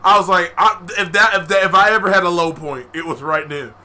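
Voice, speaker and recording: High bright-voiced young man telling stories. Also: fairly quick. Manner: animated, profane slang, laughs often. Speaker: podcast co-host. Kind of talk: casual storytelling.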